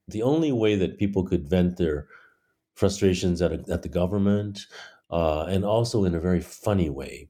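A man from China with a very low voice talks as a guest in an interview. His tone is mellow and warm, and he tells lively stories, slipping into the voices of the people he describes. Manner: animated storyteller, acts out quoted voices. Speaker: playwright guest. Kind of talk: conversational interview.

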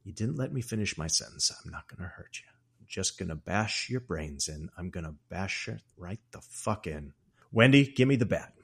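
A man voicing a menacing, unhinged male caretaker who swings from hushed threats to loud bursts and whispers. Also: medium pitch, fast, hardly any pauses, husky, close to an everyday voice. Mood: menacing, taunting.

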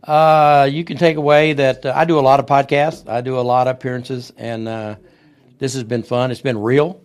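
An older man talking as a guest on a podcast, relaxed and rambling, with many fillers. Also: mid-range voice, moderate pace, clean tone. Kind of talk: casual interview chat.

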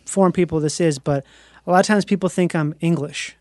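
A man's voice: a little high, fairly even intonation, brisk, darkish tone, no echo. Playful American guy, casual talk, dry close mic. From United States. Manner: playful, does voices. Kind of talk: casual chat.

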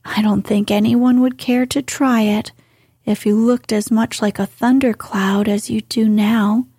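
A woman voicing a frank, spirited young woman in a soft, slow whispered role-play reading. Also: a little high, fairly even intonation, husky, no echo, clean studio sound. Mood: coaxing.

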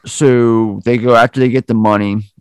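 A man's voice: mid-range voice, fairly even intonation, moderate pace, darkish tone, clean tone, dry recording. A man hosting a podcast, animatedly retelling a film scene in casual chat and acting out the lines. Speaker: podcast host.

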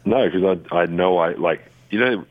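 A man's voice: deep voice, normal speed, no room sound, narrow, tinny audio. A man in his thirties with an Australian accent, chatting easygoingly as a guest on a radio show, rambling with fillers and restarts. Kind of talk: casual radio phone interview.

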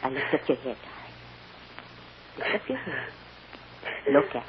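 A woman's voice: a bass voice, lively intonation, normal speed, muffled recording. A soothing tender mother. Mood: gentle. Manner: soothing, emotional, tearful at times. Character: tender, anxious young mother. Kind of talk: 1940s radio acting. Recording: scratchy old radio recording, hiss.

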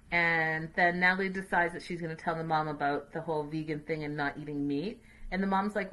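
Brief: woman vlogger, bright and clear tone, chatty and opinionated, casual recap talk. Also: low-pitched, fairly even intonation, brisk, hardly any pauses, low-quality recording. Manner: opinionated, chatty, sassy asides to viewers. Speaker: reality show recap vlogger. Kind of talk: casual chat.

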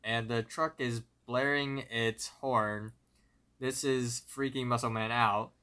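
Slow, bright-voiced young man narrating. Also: medium pitch, clean tone. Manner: steady, methodical retelling with small slips. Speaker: podcast co-host. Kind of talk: plot narration recap.

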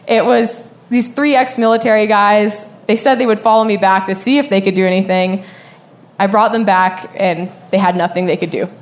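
A young adult woman casually telling a personal story, candid and profane, often laughing as she talks. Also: a little high.

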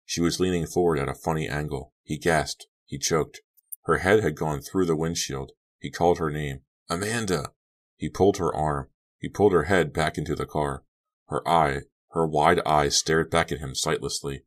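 A man narrating an audiobook in steady, clipped storytelling. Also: extremely low pitch, normal speed. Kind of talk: scripted narration.

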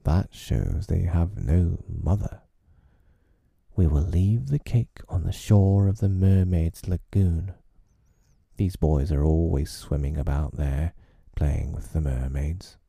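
Brooding, scheming pirate captain for a storybook, put on by a male reader; gravelly, dark, slow. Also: low voice, no echo, clean studio sound, heavily acted. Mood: gloating. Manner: slow, brooding, speaks through his teeth. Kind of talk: storybook reading.

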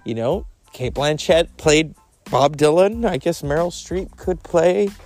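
A man's voice: on the high side, animated, measured pace, darkish tone, faint music behind. A man hosting a podcast, riffing through a profane comic monologue with camp asides. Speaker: podcast host.

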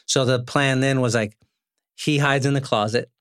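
Guy in his 40s hosting a podcast, mid-pitched, telling wild stories and cussing a lot, dry close sound. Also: normal speed, smooth, no room sound. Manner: animated anecdotes with frequent swearing. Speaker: podcast host. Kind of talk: casual chat, storytelling.

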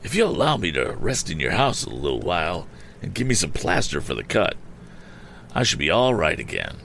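A man's voice: low voice, wildly swooping pitch, fairly quick, gravelly, fairly bright tone, a little hiss or hum, full character voice. A man voicing a shaken, injured male stranger who speaks faintly and stammers but stays determined, in a storybook reading.

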